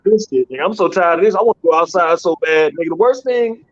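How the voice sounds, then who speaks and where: A man's voice: a little high, lively intonation, quick pace, no room sound, dull audio. A man doing a stand-up comedy set from his guest room, rambling loosely and cursing. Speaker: headlining comedian.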